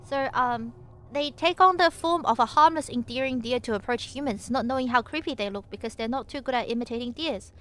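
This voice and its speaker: A woman's voice: on the high side, a little fast, a bit bright. Giggly, playful woman streamer. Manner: playful, giggly, jokey asides; chats with viewers between passages. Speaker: VTuber streamer. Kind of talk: casual stream chat and reading aloud.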